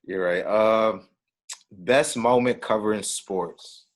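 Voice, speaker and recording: A man who hosts a podcast and asks his guest short, easygoing questions in a casual interview. He speaks in a lowish voice and keeps an unhurried, slow pace. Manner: relaxed, brief prompting questions. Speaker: podcast host.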